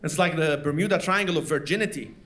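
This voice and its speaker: A man from Lebanon, doing a stand-up comedy set in a live venue with lively, animated storytelling. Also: a little high, fast. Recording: live stage recording, loud audience laughter.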